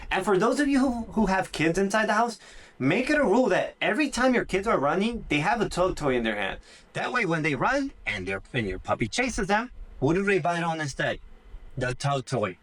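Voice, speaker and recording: A man hosting a casual podcast on dog training, with a voice a little higher than most men's. He explains things in an animated, conversational way, says "dude" a lot, and slips into quick acted lines for puppies and owners. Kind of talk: casual instructional podcast talk.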